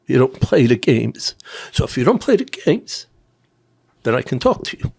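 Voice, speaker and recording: An older man from Tennessee, a podcast guest, telling personal stories in a rambling, halting way with quiet asides. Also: mid-range voice, very animated, creaky, breathy edge. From Nashville, Tennessee. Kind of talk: personal storytelling in an interview.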